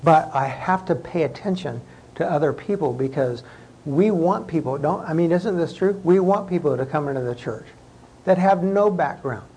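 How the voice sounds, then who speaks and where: Mellow-voiced preacher asking rhetorical questions. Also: male voice, a little high, moderate pace, a little hiss or hum, rough recording. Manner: conversational, with rhetorical questions and repeated words. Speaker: pastor. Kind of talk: sermon.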